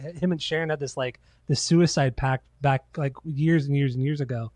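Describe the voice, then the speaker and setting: A man's voice: mid-range voice, steady tone, a little fast, a little mellow, no echo. A man co-hosting a casual podcast, telling loose, profane stories and acting out quotes. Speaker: podcast co-host. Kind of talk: casual chat.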